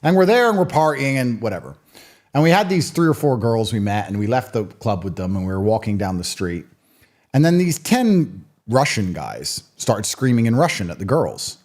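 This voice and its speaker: As an interview guest in his thirties, this man trades stories and opinions in a blunt, emphatic, provocative way. His medium-pitched voice swings widely in pitch, with a moderate pace and a darkish tone.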